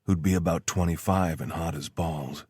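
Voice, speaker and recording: A wry soldier jokes with his lover in a deep, low voice with a husky edge, as a male narrator reads him. The banter is dry and deadpan, close and without room sound. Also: normal speed, no echo.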